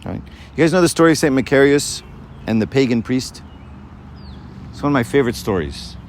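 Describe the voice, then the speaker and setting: Guy preaching to a crowd, keeps firing questions, mid pitch. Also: brisk, slight background noise. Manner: lively, full of rhetorical questions. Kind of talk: sermon to a live audience.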